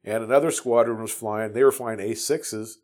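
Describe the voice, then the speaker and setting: A man's voice: on the low side, steady tone, moderate pace, darkish tone. A man in his fifties from the United States, telling his Navy stories in a casual, rambling way with many restarts and fillers. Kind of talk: casual storytelling.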